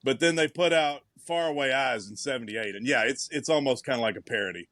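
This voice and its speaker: A man's voice: mid-range voice, brisk, a bit bright, no room sound. A man co-hosting a podcast in casual chat over a video call, talking music and telling stories. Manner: chatty, storytelling. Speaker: podcast co-host.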